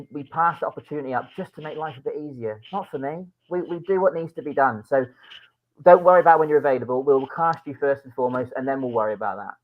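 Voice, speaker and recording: A man co-hosting a casual podcast, talking earnestly about casting and restarting his sentences often. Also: medium pitch. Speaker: podcast co-host and drama producer. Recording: phone-like narrow sound.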